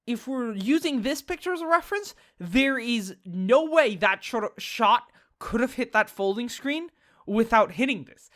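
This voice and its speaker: A woman giving casual, excitable commentary while playing a detective game, swearing freely and reasoning out loud. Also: a little high. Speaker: let's play gamer.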